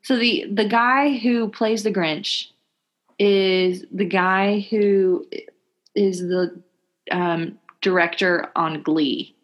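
A woman's voice: medium pitch, drawn-out words, muffled recording. A woman in her twenties co-hosting a casual chat podcast, playful and teasing. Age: 20s. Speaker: podcast co-host.

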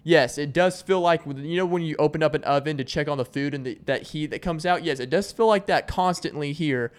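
A man's voice: fairly high pitch, brisk, smooth. A young man from Arkansas, hosting his podcast in a loose, joking ramble full of fillers and restarts. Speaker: podcast host. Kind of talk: casual solo chat.

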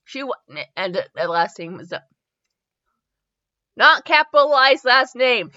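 A woman's voice: high-pitched, animated, measured pace, pauses often, sharp tone, highs cut off. Giggly Midwestern woman reading fanfiction aloud. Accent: Midwestern American. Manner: giggly and rambling, with frequent laughter. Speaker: fanfiction reviewer and host.

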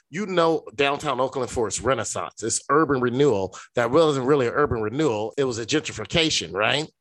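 A man's voice: mid-range voice, dry recording. A man co-hosting a podcast, talking in casual chat in an earnest, reflective way and speaking straight to his co-host.

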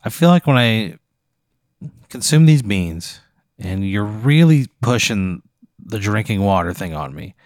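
A man's voice: fairly low pitch, sing-song, unhurried, dry recording, clean studio sound. A man co-hosting a podcast, answering a comedy hypothetical in a grumpy, wary, exasperated way. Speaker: podcast co-host. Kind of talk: improvised comedy chat.

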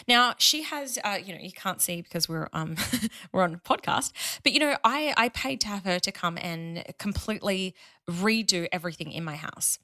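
An Australian woman, a money mentor guest on a podcast, telling stories in an emphatic, animated casual chat. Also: medium pitch, normal speed.

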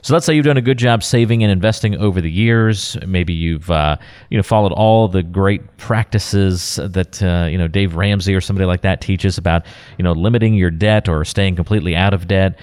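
Deep-voiced man hosting a radio show. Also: brisk, a little mellow. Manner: smooth, scripted lead-ins, jokey asides.

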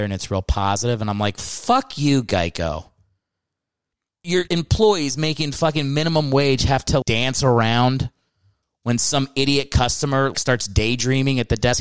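A man's voice: mid-range voice, lively intonation, normal speed, smooth, dry recording. A man hosting a comedy podcast, talking close to a podcast mic in a dry, dead room. He rambles and rants, then jumps into bursts of mock outrage. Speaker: podcast host.

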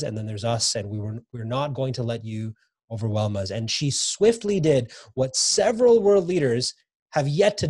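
A man being interviewed about his book, talking enthusiastically and repeating words when he gets excited. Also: mid-range voice, no echo, studio quality. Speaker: guest author. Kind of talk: casual podcast interview.

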